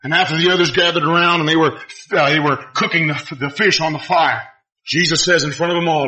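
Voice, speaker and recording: A man preaching a sermon with fervor, swinging between shouted appeals and quiet, low passages. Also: fairly even intonation, fast, low-quality recording. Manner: fervent preaching, rising to shouts and dropping to quiet.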